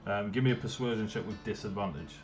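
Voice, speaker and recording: Male game master, low and chatty, faint background music over a call. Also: quick pace. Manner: laughing, loose and chatty, plays shopkeepers briefly.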